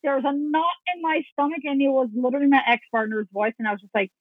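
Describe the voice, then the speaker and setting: A woman telling a personal story in a casual podcast chat, lively, swearing freely and acting out her own past thoughts. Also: sits high, fast, no room sound. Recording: phone-like narrow band, dry.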